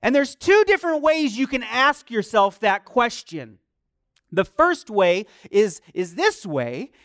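A young man preaching a sermon, telling a personal story quietly and then building to loud, high-pitched preaching. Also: no echo, clean studio sound. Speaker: pastor.

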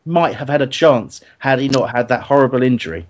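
A man's voice: mid-range voice, fairly quick. Guy arguing football on a podcast, talks over people, keeps restarting. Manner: animated, argumentative, lots of restarts. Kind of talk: casual chat.

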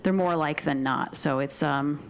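Woman from upstate ny just chatting on a podcast, wry, laughs a lot, low-ish gravelly voice. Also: moderate pace, a little hiss or hum. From upstate New York. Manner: wry, self-deprecating, laughs often. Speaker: podcast co-host. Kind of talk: casual chat.

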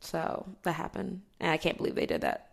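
Animated woman retelling a show. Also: low-pitched, a little fast, creaky. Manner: animated storyteller, acts out scenes with loud cries. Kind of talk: casual chat. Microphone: remote call.

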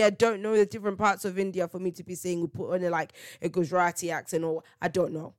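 Animated woman telling stories. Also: lowish voice, brisk, few pauses, dry recording, clean studio sound. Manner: animated storytelling, slangy, laughs often, acts out quotes. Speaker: podcast host. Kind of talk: casual solo podcast monologue.

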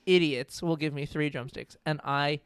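A man's voice: a little high, normal speed, smooth, no echo, clean studio sound. A man co-hosting a podcast, telling a funny story in casual chat and acting out the people in it. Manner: animated storyteller, laughs often, acts out quotes. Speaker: podcast co-host.

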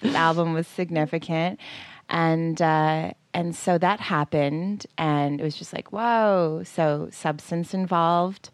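A woman's voice: sits low, unhurried, no room sound. A woman in her forties co-hosting a podcast, telling a personal story casually and acting out quotes with lots of fillers. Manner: animated, acts out quotes, frequent fillers. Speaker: podcast co-host.

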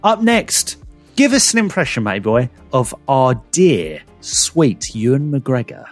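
A man's voice: mid-range voice, sing-song, unhurried, soft background music. A man, hosting a podcast game with playful, teasing banter. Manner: playful, teasing, sing-song emphasis. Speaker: podcast host. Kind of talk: casual game-show banter.

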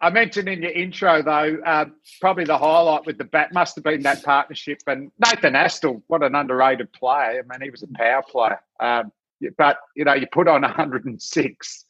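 A man's voice: a little high, normal speed, a bit bright, muffled recording. A podcast host, a man, asking jokey, teasing questions in a casual interview chat.

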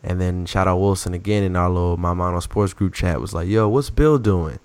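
A man chatting casually about sports as a podcast co-host, telling stories in an animated, slangy way. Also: low-pitched, a little fast, clear, resonant tone, no room sound.

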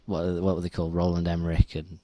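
Deep-voiced young man, laid-back. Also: little pitch movement, fast talker, mellow, dry recording, studio quality. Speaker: podcast co-host. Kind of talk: casual film chat.

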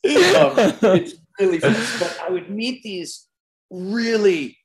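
A man being interviewed as an author, talking in a casual, animated way and laughing often between tangents. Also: sits high, measured pace. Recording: roomy echo.

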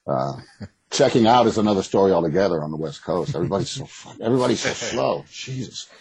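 Middle-aged man, deep husky voice, quick blunt delivery, interview guest. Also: lively intonation, a little mellow, poor audio. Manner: candid, blunt, rambling with restarts. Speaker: guest, author. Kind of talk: casual interview conversation.

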